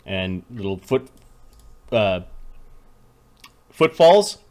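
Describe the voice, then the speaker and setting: A man's voice: lowish voice, big pitch swings, drawn-out words, darkish tone. A man narrating a tabletop game as game master, casual and loose, often laughing.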